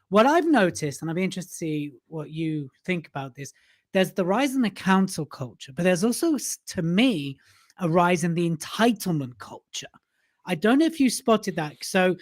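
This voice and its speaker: A man hosting a podcast, asking long, reflective questions in a casual chat. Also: high voice. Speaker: podcast host.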